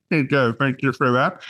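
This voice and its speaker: A man hosting a casual podcast chat, loose and chatty, laughing often and filling pauses with "um". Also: medium pitch, pushed and bright, a little hiss or hum. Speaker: podcast host.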